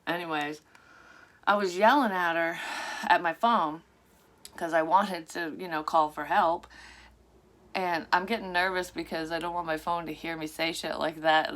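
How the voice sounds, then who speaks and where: A middle-aged woman, a psychic medium, telling a dream in a rambling, profane, animated way from her room. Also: fairly low pitch. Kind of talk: casual storytelling of a dream. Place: her room at a tarot table.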